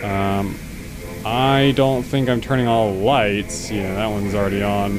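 A man playing a horror video game and commenting as he goes, yelping and laughing at the scares and muttering quietly in between. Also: slow pace, pauses often. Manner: jumpy, yelps and laughs at scares, then mutters low. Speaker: gaming video host. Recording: faint game music behind.

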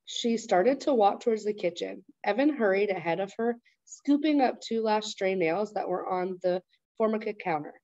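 A woman teacher reading a chapter book aloud in a steady, clear voice, then giving class instructions. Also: medium pitch, moderate pace, no room sound, dull audio. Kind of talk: read-aloud storybook narration.

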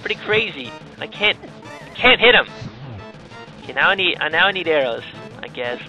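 A man's voice: on the high side, expressive, quick pace, sharp tone, soft background music, poor audio. A man giving casual, sarcastic let's-play commentary, exclaiming and joking at the game as he plays. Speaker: gaming video creator.

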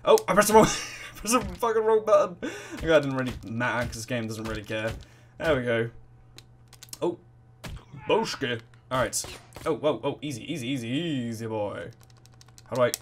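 A man giving excitable, rambling let's play commentary full of swearing and reactions to the game. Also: medium pitch, moderate pace, pauses often, slight background noise. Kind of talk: gaming commentary.

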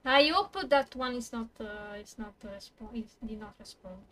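A woman's voice: on the high side, normal speed, few pauses, fairly bright tone, slight background noise. A woman, a native Italian speaker, streaming a video game in casual chat, swearing and laughing as she plays.

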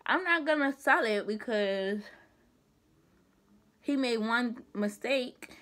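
A young woman vlogger chatting casually, emphatic and animated with rhetorical asides. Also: a little high, takes it slowly. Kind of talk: casual commentary chat.

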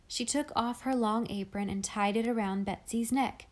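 A woman reading a classic children's novel aloud in clear, measured storytelling. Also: fairly high pitch, steady tone. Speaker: audiobook reader.

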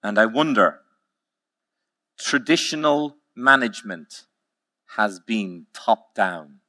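A man giving a conference keynote, telling stories with emphatic, slowly repeated phrases. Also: fairly low pitch, animated, sharp tone. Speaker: keynote speaker.

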